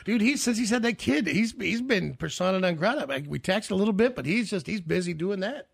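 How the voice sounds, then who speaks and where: A man's voice: high-pitched, expressive, a little fast, gravelly, slightly rough, dry recording. A man chatting casually as a podcast co-host, joking and laughing a lot as he swaps stories. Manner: joking, laughs often, restarts words. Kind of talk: casual chat.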